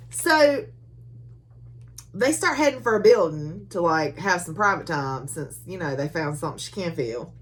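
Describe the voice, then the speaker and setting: A woman's voice: lowish voice, animated, unhurried, pauses often, slight background noise. A woman giving a casual book recap, chatty and full of filler words, laughing often as she retells the story. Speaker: book reviewer.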